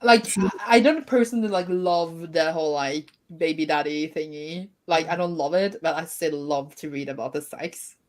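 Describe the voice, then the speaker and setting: A woman's voice: low-pitched, normal speed, few pauses. A woman in a casual book club chat, hesitant and filling with "like". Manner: hesitant, lots of likes.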